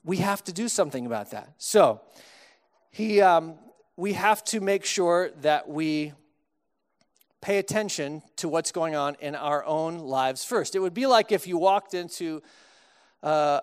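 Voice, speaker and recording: A man from Texas preaching a sermon, casual and humorous, acting out little dialogues with comic voices. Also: sits high. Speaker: pastor.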